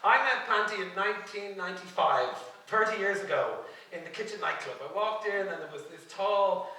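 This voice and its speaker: A man's voice: high voice, moderate pace. An Irish man hosting a stage roast, brash and bawdy, teasing his subject in front of a crowd. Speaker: roast host. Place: large club or theatre stage. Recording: echoey live venue, far from mic, loud crowd. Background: audience laughter and cheering.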